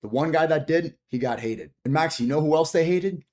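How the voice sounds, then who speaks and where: Moralizing male commentator, slightly raised pitch, preachy warning monologue. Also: brisk, background noise. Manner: earnest, moralizing.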